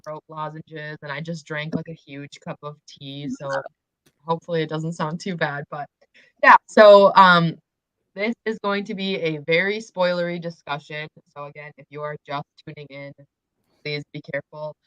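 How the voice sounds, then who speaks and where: A young woman hosting a casual livestream book discussion, slightly croaky as she loses her voice, chatty and full of fillers. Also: deep voice, fairly even intonation, moderate pace, a bit bright, no echo, muffled recording. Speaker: booktube host.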